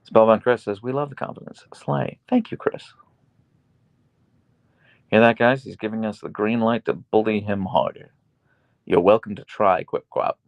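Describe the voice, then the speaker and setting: A man hosting a casual livestream from a small bedroom, reading chat aloud and cooing at his dog in a high baby-talk voice. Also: moderate pace, creaky, no room sound, lo-fi sound.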